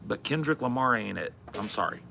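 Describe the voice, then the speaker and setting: A man's voice: medium pitch, lively intonation, fairly quick, vocal fry, background noise. A man co-hosting a podcast, rambling through a profane, exasperated comedic rant. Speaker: podcast co-host.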